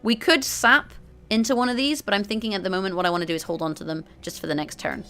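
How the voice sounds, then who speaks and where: A woman's voice: medium pitch, steady tone, fast talker, bright, forceful tone, faint music behind. A woman hosting a card game video, chatting to her viewers about strategy as she plays and often correcting herself mid-sentence. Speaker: gaming video host. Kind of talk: card game play-through commentary.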